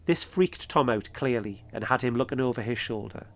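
Guy narrating his own spooky tale, steady and measured, regular pitch for a man. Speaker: podcast host and narrator. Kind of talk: first-person storytelling narration.

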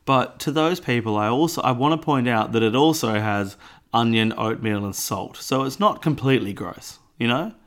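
Man, casual podcast co-host; relaxed rambling delivery with asides. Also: medium pitch, moderate pace. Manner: rambling, easygoing, trails into asides. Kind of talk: casual chat.

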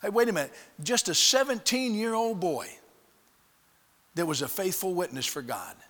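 A man's voice: high voice, moderate pace. A man preaching a sermon, telling a story with lots of restarts and acting out the people in it. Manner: animated storyteller acting out dialogue, frequent restarts. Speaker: pastor. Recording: long hall reverb.

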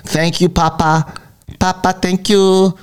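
A man's voice: high-pitched, flat delivery, slow, smooth, pitched above the performer's own voice. A man voicing tiny grateful unborn children who speak in broken, childlike phrases.

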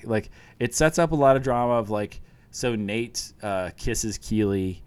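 A man's voice: medium pitch, expressive, measured pace, darkish tone, no echo. A man in casual chat, retelling scenes from a show with eager, rambling enthusiasm.

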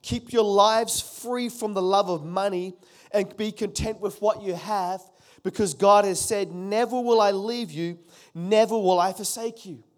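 A man's voice: high-pitched, fairly even intonation, unhurried. A man in his forties preaching a sermon as pastor, emphatic, repeating key phrases and calling on the congregation to respond.

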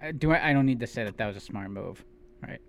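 Gravelly man making wry asides. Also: mid-range voice, lively intonation, fast talker, dry recording, highs cut off. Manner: wry, self-deprecating quips. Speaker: podcast co-host. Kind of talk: casual chat.

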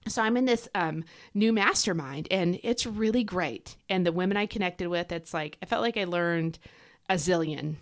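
Woman host, fast emphatic devotional podcast talk, slightly low pitch, chatty fillers. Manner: enthusiastic, emphatic, self-correcting with fillers; fast talker. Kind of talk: casual devotional teaching. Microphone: podcast microphone.

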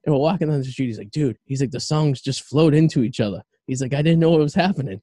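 Mellow-voiced man telling bawdy stories. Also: mid-range voice, quick pace, no echo, clean studio sound. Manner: profane, laughing anecdotes with acted quotes. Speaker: podcast host. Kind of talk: casual podcast storytelling.

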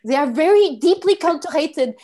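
A woman's voice: sits high, measured pace, darkish tone. A woman playing a haughty, snobbish French woman with a put-on French accent, lecturing with disdain in an improv exercise. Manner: lofty, disdainful, drops French words.

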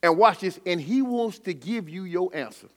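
A middle-aged male preacher, giving a sermon with personal testimony and call-and-response preaching that builds to shouts. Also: sits high, lively intonation, moderate pace.

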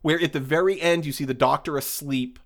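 A man's voice: on the high side, steady tone, brisk, fairly bright tone. A man co-hosting a casual movie review podcast, making wry, sarcastic asides about the film. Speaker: podcast co-host.

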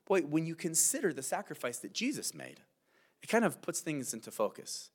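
A man's voice: fairly high pitch, wildly swooping pitch, normal speed, breathy edge. A male pastor giving a verse-by-verse sermon, earnest and conversational, often saying "man" and asking "right?".

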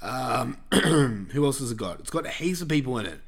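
A man's voice: medium pitch, sing-song, normal speed, vocal fry, husky. A man hosting a podcast, chatting casually about films with blunt, sweary opinions. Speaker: podcast host reviewing films. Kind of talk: casual chat.

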